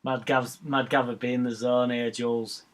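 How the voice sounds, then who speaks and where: A man's voice: mid-range voice, level tone, normal speed. A man hosting a live match watch-along, ranting bluntly about football with swearing and banter. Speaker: fan channel host.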